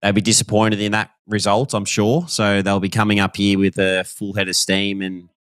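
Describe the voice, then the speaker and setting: A man's voice: on the low side, moderate pace, clear, resonant tone, dry recording. Laid-back Australian man, dry close sound. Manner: relaxed, laughing, matey. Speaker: podcast co-host and footballer. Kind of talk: casual chat.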